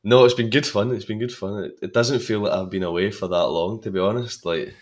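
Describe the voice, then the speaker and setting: A man's voice: lowish voice, steady tone, fairly quick. A Scottish man in his twenties, a podcast guest chatting in a laid-back way and laughing often. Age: 20s. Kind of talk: casual chat.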